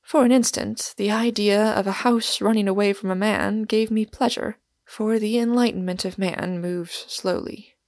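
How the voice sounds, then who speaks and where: Lady reading an audiobook, steady and measured, gravelly voice, dry close mic. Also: mid-range voice, dry recording. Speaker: audiobook narrator. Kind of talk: scripted narration.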